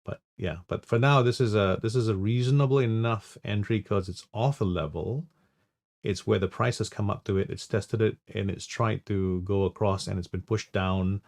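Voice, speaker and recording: Low gravelly guy talking through his trades live, halting, lots of restarts. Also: a little mellow. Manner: thinking aloud, halting with restarts and fillers. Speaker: trading livestream host. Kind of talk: live trading commentary.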